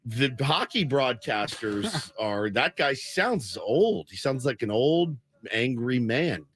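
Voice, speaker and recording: A man co-hosting sports radio with a mid-pitched voice, joking and animated as he banters. He talks close to a studio microphone. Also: slow pace, few pauses, slightly rough. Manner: animated and joking, often laughing. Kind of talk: casual sports talk banter.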